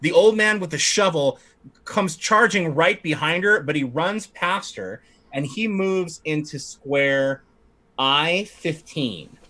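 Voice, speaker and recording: Lively, laughing male game master. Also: on the high side, takes it slowly. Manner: animated, laughs often while narrating. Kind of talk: narrating a tabletop game livestream.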